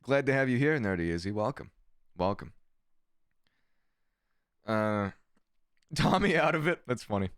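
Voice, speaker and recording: A man's voice: mid-range voice, lively intonation, a little slow, pauses often, a bit bright, clear, resonant tone, no echo, clean studio sound. Sarcastic man streaming commentary. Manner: sarcastic, swears often, reads chat aloud. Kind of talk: casual livestream commentary.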